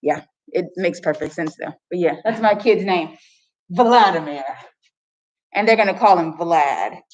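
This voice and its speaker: A woman's voice: fairly low pitch, a little slow, highs cut off. A young woman teacher giving a chatty history lecture to her class, joking with students. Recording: echoey classroom, distant mic.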